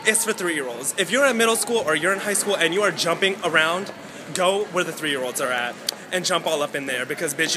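A young man with a high voice rants on a phone camera in a sassy, profane, theatrical way. Traffic and street noise run clearly behind him as he films outdoors and from a car. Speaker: vlogger. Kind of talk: casual vlog rant.

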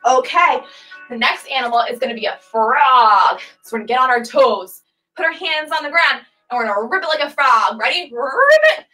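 In her twenties, this woman leads a children's yoga class on a livestream, her voice sitting high, fairly quick, bright and forceful. She's playful and sing-song, barking and meowing along with the animal poses. The recording is low quality, with faint music behind her.

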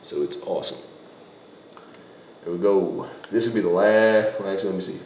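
Young guy, kinda low voice, rambly vlog q&a, keeps correcting himself, echoey room. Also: normal speed, a little mellow. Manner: rambling, self-correcting, laughs often. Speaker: YouTuber answering viewer questions. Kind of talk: casual Q&A vlog. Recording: echoey room, faint background noise.

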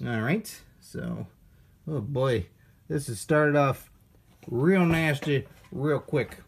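A man's voice: mid-range voice, takes it slowly, gravelly, husky. A man hosting a toy unboxing, chatting casually with playful jokes and asides. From United States.

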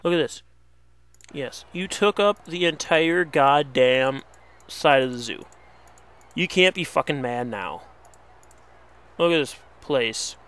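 A man's voice: a little high, animated, slow, long pauses, a bit bright, clean tone. A young man commentating on his game, exasperated and pleading, swearing at the animals as he plays. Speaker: let's play host. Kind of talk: casual gameplay commentary.

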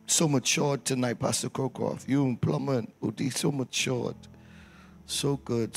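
Playful pastor leading a church service. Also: male voice, medium pitch, fairly even intonation, moderate pace, vocal fry, soft background music. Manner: playful, teasing, call-and-response with congregation. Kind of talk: church service announcements and prayer. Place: church sanctuary.

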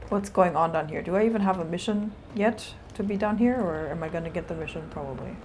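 A woman streamer with a slightly low voice who chats casually through her gameplay. She swears freely and talks back to the game. There is a faint hiss of noise behind her. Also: fast talker, darkish tone.

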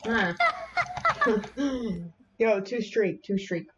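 A woman streamer giving casual gaming commentary, reacting quickly and excitedly to the game. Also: medium pitch, muffled recording, heavy background noise. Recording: keyboard clicks behind.

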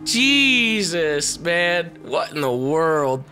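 Excitable shouting let's-play man. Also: on the high side, very slow. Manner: excitable, shouty, swears a lot. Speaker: gameplay commentator. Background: game music.

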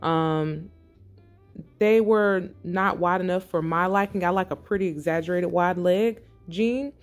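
A middle-aged woman narrating her fashion haul in a quiet, breathy, relaxed ASMR-style voice-over. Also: lowish voice, unhurried, faint music behind. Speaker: fashion vlogger.

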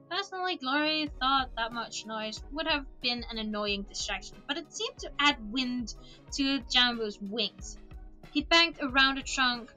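A woman with a high, bright voice reads a novel aloud on a livestream, lively and expressive. She speaks close to a desk microphone, and faint music plays softly in the background. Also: poor audio. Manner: expressive reading, with laughing asides. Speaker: streamer reading a book aloud. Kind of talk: reading a novel aloud on stream.

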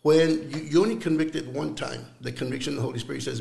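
A man's voice: mid-range voice, fairly even intonation, fast, creaky, a little mellow. A man preaching fervently in a casual talk, slipping in Spanish words. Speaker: guest. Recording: echoey room.

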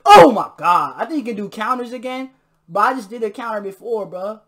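A man giving excitable live gameplay commentary, trash-talking and bursting into shouts during fights. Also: high-pitched, a little fast. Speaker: gamer. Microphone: new desk mic.

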